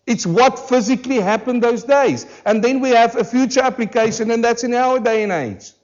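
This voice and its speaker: A pastor preaching a sermon to a church congregation, emphatic and full of rhetorical questions, slowing down hard on key words. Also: male voice, very high-pitched, a little mellow, highs cut off. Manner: emphatic, with rhetorical questions and slowed, drawn-out stresses. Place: church service.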